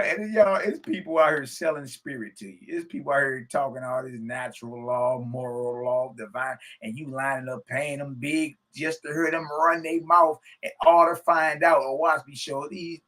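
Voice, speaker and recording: A man with a medium-pitched, sharp-toned voice teaches a religious lesson, reading scripture aloud. He breaks off into casual commentary, laughing often and repeatedly asking "Hmm?" and "Huh?".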